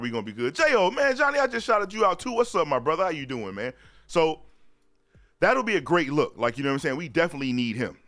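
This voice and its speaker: A man hosting a live-stream sports talk show, chatting loosely in slang, reading viewer comments aloud and shouting out viewers. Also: fairly high pitch. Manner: loose slang-heavy chat, repeats "you know what I'm saying".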